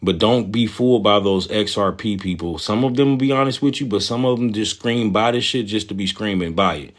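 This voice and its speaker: A man's voice: fairly low pitch, a little fast. A man hosting a livestream, talking to viewers casually in loose slang and often repeating phrases. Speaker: livestream host, trading commentator.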